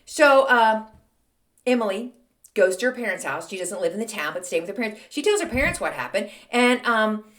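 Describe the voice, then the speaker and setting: A woman's voice: mid-range voice, big pitch swings, fairly quick, a bit bright. A woman hosting a podcast, telling a story in a casual, chatty way with plenty of fillers. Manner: chatty, conversational, many fillers like "um" and "like". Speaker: podcast host.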